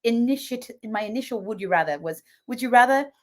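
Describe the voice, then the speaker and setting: A woman's voice: fairly high pitch, brisk. A woman co-hosting a live show, telling stories in casual chat and laughing often. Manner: animated storyteller, laughs often. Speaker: podcast co-host.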